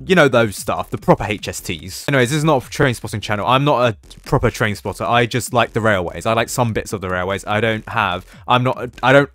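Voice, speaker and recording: A man's voice: medium pitch, a bit bright. A young man with a southern English accent, chatting casually over game footage, often correcting himself and trailing off into fillers. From southern England. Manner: rambling, self-correcting, with frequent fillers. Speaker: Roblox YouTuber.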